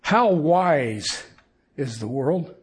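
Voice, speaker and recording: A middle-aged man preaching a sermon in a folksy, emphatic way, swinging from loud points to hushed lines. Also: fairly high pitch, animated, very slow, husky. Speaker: pastor.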